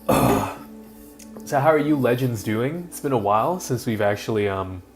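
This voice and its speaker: A man live-streaming casually from home, mumbling while adjusting his audio settings, his throat rough enough that he keeps clearing it. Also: mid-range voice, lively intonation, brisk, faint music behind. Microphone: built-in webcam or laptop mic.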